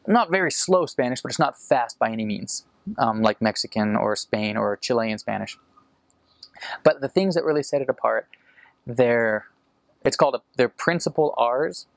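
An American man explaining casually, rambling with fillers and restarts, and slowing down to demonstrate sounds. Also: medium pitch, creaky, no echo. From United States. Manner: demonstrates sounds slowly and carefully. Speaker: returned missionary explaining an accent.

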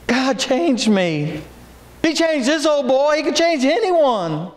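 Brief: man, pastor, very high voice, folksy stories and shouted calls, echoey sanctuary. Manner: folksy storytelling with sudden shouted exhortations. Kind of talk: sermon. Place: church sanctuary. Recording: echoey church room.

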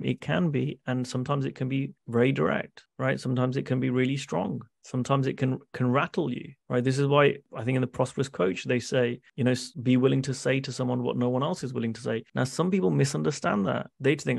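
A man's voice: mid-range voice, fairly even intonation, fast talker, creaky, hardly any pauses, a little mellow, no echo, studio quality. A man speaking as a business coach in a masterclass, earnest, acting out dialogue and often checking in with "right?". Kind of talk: masterclass talk on a video call.

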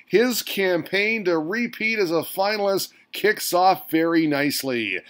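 A man's voice: high-pitched, lively intonation, unhurried, a bit bright. A man hosting a mock sports recap with a hyped announcer delivery full of exclamations. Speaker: host.

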